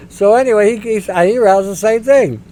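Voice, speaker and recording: A man's voice: sits high, measured pace, warm tone, slight background noise, rough recording. Blunt, scornful man. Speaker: podcast host. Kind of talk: opinionated commentary rant.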